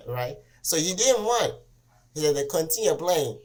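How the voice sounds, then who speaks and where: Podcast host, man, lighter voice, animated storyteller acting out quotes in casual sports chat. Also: normal speed. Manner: animated storyteller, acts out quotes with rising pitch.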